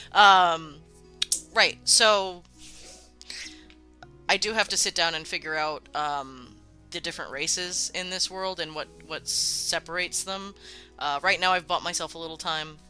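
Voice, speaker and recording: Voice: mid-range voice, sharp tone. A streamer hosting a live worldbuilding show, chatting loosely with viewers and swearing freely. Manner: loose and casual, swears freely, many fillers. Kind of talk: casual live-stream chat, answering viewer comments.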